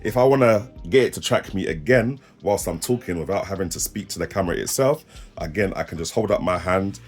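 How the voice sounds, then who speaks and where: A man's voice: low-pitched, brisk, soft background music. A young man with a South East London accent, demoing a webcam to camera in casual slang, laughing and joking as he goes. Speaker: tech reviewer. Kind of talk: casual product demo to camera.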